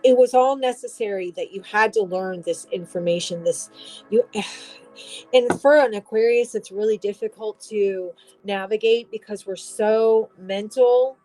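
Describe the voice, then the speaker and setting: A woman's voice: medium pitch, measured pace, warm tone, faint music behind, low-quality recording. A woman giving a casual tarot reading, rambling and restarting, swearing now and then. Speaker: tarot reader.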